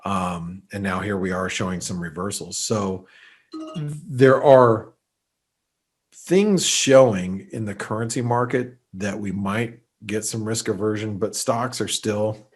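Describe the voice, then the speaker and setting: This man's voice is lowish, slow and breathy as he runs an unscripted market webinar. Sneezy and a bit congested from allergies, he rambles with frequent fillers and restarts.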